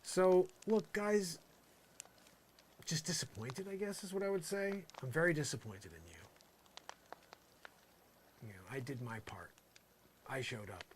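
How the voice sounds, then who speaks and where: Against background noise, a man with a lowish voice performs an improvised comedy monologue set at a pretend outdoor campsite. He rambles with exasperated sarcasm and lots of filler phrases.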